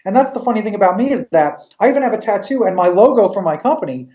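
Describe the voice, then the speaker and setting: Man from New York, comic creator interview guest, animated and joking, roomy reverb. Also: high-pitched, racing. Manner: animated, joking, swears freely. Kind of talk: casual interview chat.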